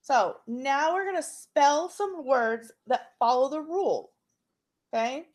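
A woman teaching a phonics and spelling lesson to young students, patient and checking in often. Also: sits high. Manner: slow, patient, checks in with frequent "okay?".

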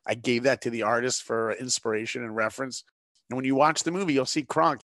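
Gravelly-voiced man telling an earnest story. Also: mid-range voice, fairly even intonation, brisk, fairly bright tone, no echo, clean studio sound. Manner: earnest, preacher-like, asks rhetorical questions. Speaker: guest, animation director. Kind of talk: dramatic storytelling in conversation.

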